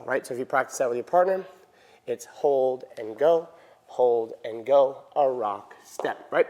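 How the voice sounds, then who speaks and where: A man's voice: mid-range voice, a little slow, darkish tone. Man teaching dance in an echoey hall. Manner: counts beats aloud, checks in with frequent "right?". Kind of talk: instructional dance lesson.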